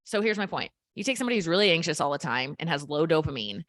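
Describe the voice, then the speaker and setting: A woman speaking as a guest health coach in a casual conversation. Her voice sits a little low and sounds dry and close, and she explains in simple terms with plenty of energy. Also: big pitch swings, rapid-fire, a bit bright, no room sound.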